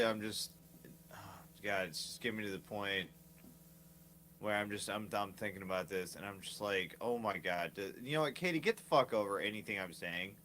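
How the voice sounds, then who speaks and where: A man's voice: fairly high pitch, a bit bright, a little hiss or hum. A man livestreaming an angry, profane, confrontational rant at people who talk about him.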